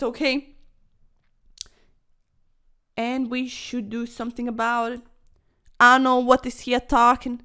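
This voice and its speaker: A woman's voice: a little high, fairly even intonation, slow pace, long pauses, bright, forceful tone, smooth. A young woman commentating her own online chess games in a playful, dramatic way, full of quirky slang and mock-formal asides. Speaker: chess streamer.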